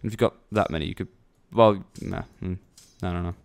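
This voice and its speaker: A man's voice: low voice, a little fast, creaky, a little mellow. A man giving casual, rambling commentary over a strategy game, thinking aloud and tossing in jokey asides. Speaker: let's play commentator.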